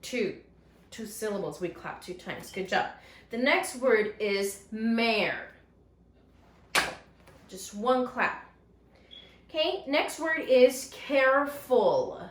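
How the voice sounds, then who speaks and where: Woman teacher, slightly high voice, very slow and deliberate, echoey room. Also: animated, a little hiss or hum. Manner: slow, drawn-out word modeling with encouraging praise. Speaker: first grade teacher. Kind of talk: recorded phonics lesson for young children.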